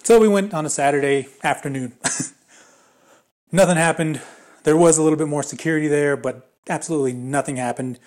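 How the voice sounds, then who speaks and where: A man's voice: a little high, normal speed, a little mellow. A young man chatting casually and rambling, full of fillers and restarts. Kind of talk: casual spoken movie opinion.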